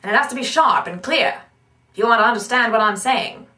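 A woman putting on a sharp, clear 1930s radio announcer voice, with clipped delivery. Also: fairly high pitch, fairly quick. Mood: crisp. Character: crisp 1930s male-style radio announcer. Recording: roomy echo, distant mic.

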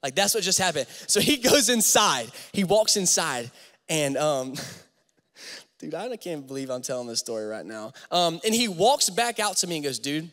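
A young man in his twenties, a youth pastor talking to teenagers at a church service in a lively, slangy way, telling a story. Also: fairly high pitch, moderate pace. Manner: animated, slangy, talks straight to the crowd. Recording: long hall reverb from a church auditorium.

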